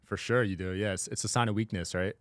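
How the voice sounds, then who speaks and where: A man as a podcast guest in casual chat, matter-of-fact and quick to agree. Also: lowish voice, steady tone, dry recording.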